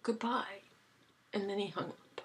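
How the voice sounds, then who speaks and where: Slow, amused woman vlogging. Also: lowish voice, animated. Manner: dry, amused, with soft breathy asides. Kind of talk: casual chatty storytelling to camera.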